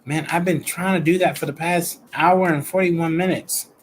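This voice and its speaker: A man's voice: fairly high pitch, steady tone, moderate pace, a little hiss or hum, low-quality recording. A man from Chicago giving casual, playful tarot readings to viewers. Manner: chatty, playful, talks to viewers. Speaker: tarot and numerology reader.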